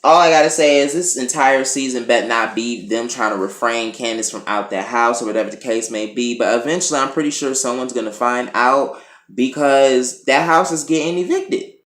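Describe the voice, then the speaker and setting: A man's voice: medium pitch, moderate pace. A man casually recapping and reviewing a TV episode, blunt and profane. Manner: animated, blunt, profane, chatty. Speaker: TV review vlogger. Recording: roomy echo.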